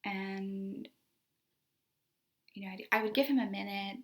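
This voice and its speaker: A woman's voice: mid-range voice, steady tone, a little slow, a bit bright. A young woman, a special education teacher, telling a story from her classroom in a casual, conversational way, full of "like" and "you know".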